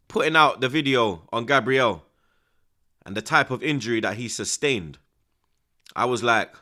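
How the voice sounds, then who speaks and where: A young man giving excitable, slang-heavy live commentary on a football match, dropping to hushed mutters and bursting into loud outbursts. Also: mid-range voice, moderate pace, pauses often. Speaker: football watch-along streamer.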